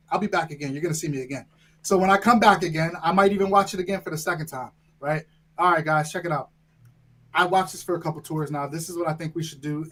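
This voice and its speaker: A man explaining how he trains firefighters, speaking in a casual interview. He talks directly and emphatically, tagging his points with quick "right?" checks. His voice sits a little high for a man. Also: fairly bright tone, low-quality recording. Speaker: fire training instructor, guest.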